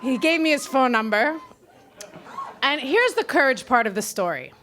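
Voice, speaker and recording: A woman from Brooklyn telling a true story on stage at a live story slam, profane, self-mocking and animated. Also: sits high, normal speed. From Brooklyn, New York.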